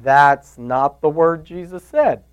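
Folksy storytelling man, fairly high voice. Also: slow pace, clear, resonant tone, poor audio. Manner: storytelling, folksy, asks "right?" often. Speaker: Bible teacher. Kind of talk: conversational sermon.

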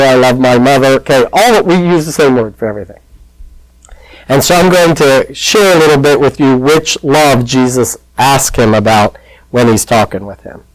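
A man preaching a sermon, telling the story with lively acted-out voices and asides to the congregation. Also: medium pitch, dry recording, low-quality recording. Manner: animated storytelling, acting out quoted voices. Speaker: pastor.

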